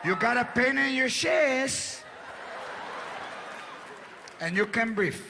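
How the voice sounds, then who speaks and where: A mocking older aunt, as a male comedian puts her on needles her husband over and over in a high, gravelly voice. Loud audience laughter and room noise surround the live stage recording. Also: slow, a crowd in the background, exaggerated voice. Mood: scornful taunting. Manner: mocking, taunting, repeating herself. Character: older Mexican aunt, a scornful wife scolding her sick husband.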